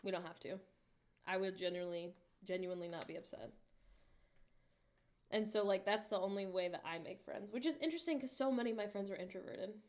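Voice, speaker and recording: A woman in her late twenties hosts a livestream, chatting casually and candidly while reading viewer messages aloud with animated asides. Her voice is medium in pitch and runs a little fast.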